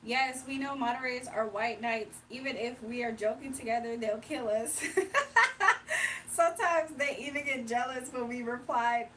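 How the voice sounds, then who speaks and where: Woman livestream host from Virginia, high voice, relaxed banter with chat, slightly distant mic. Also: moderate pace, few pauses, a little hiss or hum. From Virginia, USA. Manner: chatty, laughs often, reads chat aloud. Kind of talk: casual livestream chat reading comments.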